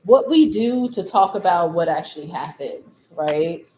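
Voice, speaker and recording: A woman's voice: lowish voice, animated, measured pace, darkish tone, a little hiss or hum, low-quality recording. A woman live-streaming from home, ranting in exasperation and laughing as she talks off the cuff. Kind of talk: unscripted live stream chat.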